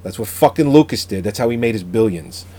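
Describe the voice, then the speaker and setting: A man's voice: fairly low pitch, animated, a little fast, dark tone. A man in casual podcast chat, blunt and opinionated, swearing freely.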